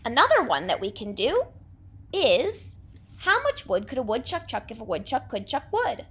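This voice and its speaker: A young adult woman teacher giving a remote class lesson, speaking clearly and patiently with an encouraging delivery. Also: on the high side, huge pitch swings, normal speed.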